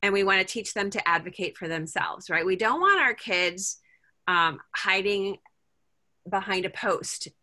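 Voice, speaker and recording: A woman's voice: lowish voice, bright, forceful tone. A middle-aged woman leading a parent group over a video call, talking casually and thinking aloud with lots of fillers and restarts.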